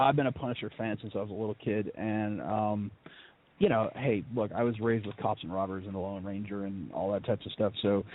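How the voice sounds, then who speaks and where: A man co-hosting a casual talk show, laid-back and wry, joking along. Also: fairly low pitch. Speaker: co-host. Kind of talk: casual radio show chat. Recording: tinny phone-like sound.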